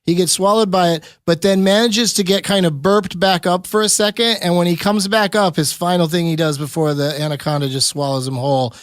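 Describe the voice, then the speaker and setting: A somewhat high-pitched man hosting a podcast in a loose, laid-back way, chuckling often between his words. He is heard through a close studio mic with a dry, dead sound. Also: steady tone, fairly quick, few pauses, smooth, dry recording. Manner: laid-back, laughs often, lots of fillers. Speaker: comedian and podcast host. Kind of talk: casual podcast chat.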